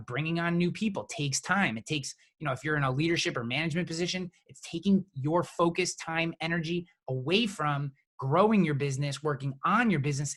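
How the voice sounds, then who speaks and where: Man, insurance agent, bright forceful voice, halting restarts, casual explainer. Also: on the high side. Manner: halting, many restarts and fillers.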